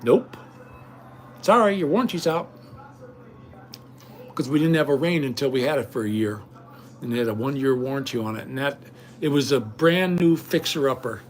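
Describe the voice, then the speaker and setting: A man's voice: medium pitch, a little fast. A middle-aged man talking casually at home in a vlog, indignant and rambling. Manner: indignant, ranting. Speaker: vlogger.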